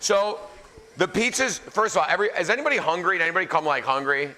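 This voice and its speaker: In a pizza academy kitchen before a live audience, a celebrity chef host in his forties runs a cooking demo, cracking jokes and teasing the crowd between tips. His voice is high and bright, delivered fast with lively intonation and a forceful tone.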